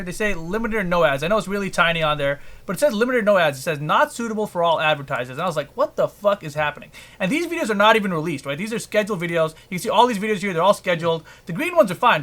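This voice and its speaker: A man with a high, bright, cutting voice holds forth on a casual podcast. He rants and swears freely, and his voice has a sharp edge to it. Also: lively intonation, very fast, hardly any pauses. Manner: ranting, heavy swearing. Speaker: podcast host.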